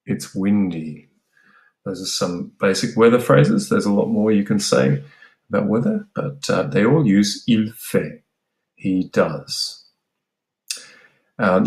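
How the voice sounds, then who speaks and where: Australian male tutor, low voice, casual lesson delivery, roomy sound. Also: darkish tone. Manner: explains plainly, slows down for French words. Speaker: French teacher.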